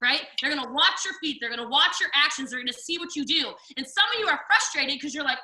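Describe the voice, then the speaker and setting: A woman's voice: high-pitched, expressive, sharp tone, roomy sound, distant mic. A woman giving an emphatic, preachy motivational pep talk as guest speaker on a team coaching call, acting out people's excuses. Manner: fast, emphatic, preachy, acts out quoted excuses. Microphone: video call.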